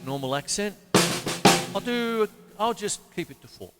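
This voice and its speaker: A man's voice: high-pitched, lively intonation, a little slow, over loud music. An Australian man giving a casual drum lesson, rambling and chatty, counting beats aloud as he plays. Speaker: drum teacher. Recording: long reverb, loud drum kit behind. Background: drum kit playing.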